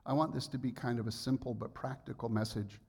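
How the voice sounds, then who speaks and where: A man's voice: medium pitch, fairly quick, creaky, darkish tone, husky. A pastor in his sixties preaching a sermon, telling a personal story and rising into emphatic outbursts. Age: 60s.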